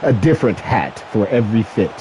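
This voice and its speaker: A man's voice: on the low side, expressive, a little fast, warm tone, poor audio. Young guy, laid-back storyteller, chill rambling podcast chat, bit of faint hiss behind. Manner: laid-back storytelling, laughs often, lots of swearing. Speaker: podcast co-host. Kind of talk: casual chat.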